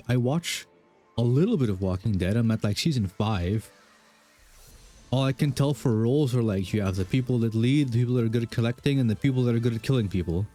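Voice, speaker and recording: A man's voice: medium pitch, mellow. A young man streaming a game, casually rambling through questions with lots of fillers and self-deprecating asides. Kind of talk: casual chat while gaming.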